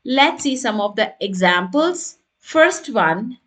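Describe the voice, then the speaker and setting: A woman's voice: a little high, sing-song, takes it slowly, a bit bright. A woman teaching an online exam prep lesson, explaining step by step and checking in with her listeners. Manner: explanatory, checks in with "right?" and "got it?".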